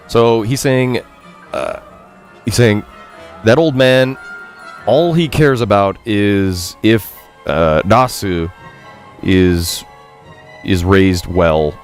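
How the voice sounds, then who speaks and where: A man with a fairly low voice talks through a game on a live stream, translating its lines as he goes. He pauses and fills the gaps with ums while he works things out, and pokes fun at his own translating. Faint game music plays underneath. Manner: halting, thinks aloud with many fillers while translating; chatty and self-mocking, reads out character lines.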